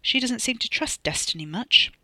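A storyteller playing a jittery young man who keeps getting pushed around, his voice rising with agitation. The read is bright and close on a dry mic in this audiobook. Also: medium pitch, lively intonation, moderate pace, no room sound, pitched above the performer's own voice. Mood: anxious. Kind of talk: audiobook character voice.

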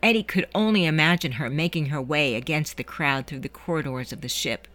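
A woman host reading a scripted story narration in a measured storytelling manner. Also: low voice, fairly bright tone.

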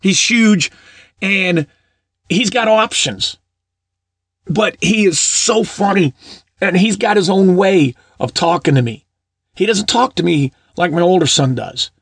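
A man's voice: high-pitched, lively intonation, slow, breathy edge, dry recording, studio quality. A middle-aged man preaching in a casual storytelling way, often repeating his words. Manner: warm anecdotal, repeats words, laughs at own stories.

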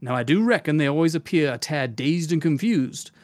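A man voicing a folksy Southern gentleman pirate captain, with a put-on Southern US accent and old-fashioned, drawn-out phrasing. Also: fairly high pitch, animated, dry recording, lightly acted.

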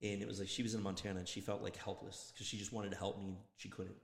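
A man co-hosting a casual podcast chat, telling stories in a loose, profane, animated way. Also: fairly low pitch, fast, creaky. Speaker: podcast co-host. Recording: echoey room with long reverb.

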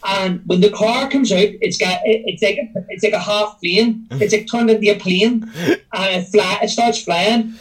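A man's voice: high voice, normal speed, distant mic, low-quality recording. A man co-hosting a casual film review podcast, rambling as he retells scenes at length. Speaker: podcast co-host.

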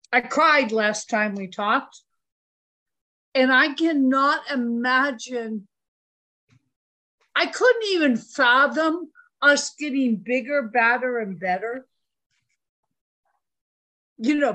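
A woman's voice: high-pitched, expressive, slow, pauses often, pushed and bright. A woman joining a live video call. She speaks emotionally and gushes, laughing easily. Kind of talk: casual chat.

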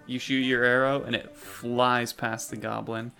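A man's voice: mid-range voice, level tone, a little slow, vocal fry, bright, forceful tone, soft background music. A man narrating as game master of a tabletop game, casual and profane.

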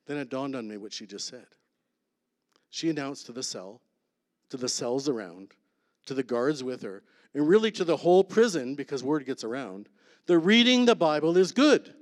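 A man giving a sermon testimony, emphatic, then dropping to a hush on key lines. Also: fairly high pitch. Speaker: preacher sharing testimony. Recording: long hall reverb.

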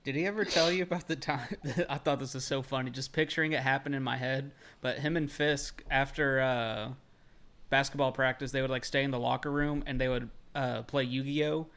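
A man's voice: mid-range voice, steady tone, a little fast, fairly bright tone. Young male podcast co-host, casual chat, rambling storyteller. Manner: rambling storyteller, heavy filler "like".

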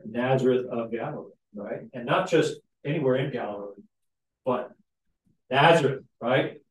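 A man's voice: mid-range voice, moderate pace, a little hiss or hum. Man teaching a class in an echoey room. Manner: frequent tag questions, animated asides. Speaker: Sunday school teacher. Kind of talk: conversational Bible teaching. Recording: echoey room, mic at a distance.

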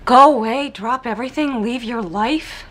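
A woman's voice: a little high, moderate pace, fairly bright tone, slight background noise, natural voice. An actress playing a heartbroken woman who angrily turns away her lover in a TV drama. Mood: hurt, accusing. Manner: tearful, accusing. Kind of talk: TV drama acting.

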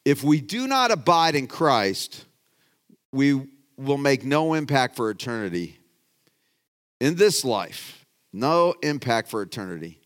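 With a medium-pitched, clear and resonant voice, a middle-aged pastor preaches a relaxed, conversational sermon. His folksy style rambles, with restarted sentences and shifts from loud emphasis to quiet asides.

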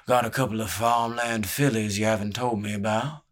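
A man's voice: fairly low pitch, steady tone, moderate pace, natural voice. A man putting on a sly older spymaster. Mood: cool, needling. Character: sly older male spymaster, cool and calculating.

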